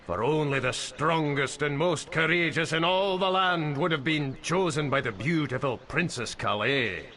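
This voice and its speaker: An actor voicing a long-winded, nervous male messenger who flatters and stammers in a game cutscene. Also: a little high, normal speed, few pauses. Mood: grand, persuasive. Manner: wordy, flustered, flattering.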